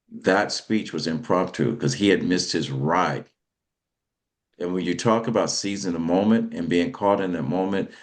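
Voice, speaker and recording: A man with a deep, low voice hosts a motivational talk show. He speaks like a preacher and keeps asking his listeners "all right?". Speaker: host.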